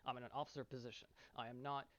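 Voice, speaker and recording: A man's voice: medium pitch, little pitch movement, very fast. A man who is an esports team captain tells his side of a dispute in an earnest, aggrieved monologue, often checking in with "right?". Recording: dull, slightly muffled, dry sound.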